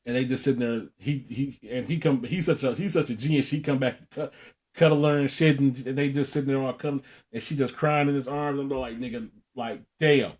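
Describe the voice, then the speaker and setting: A man's voice: medium pitch, fairly even intonation, brisk, darkish tone. A young man co-hosting a podcast, telling a profane story in casual chat and laughing often. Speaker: podcast co-host.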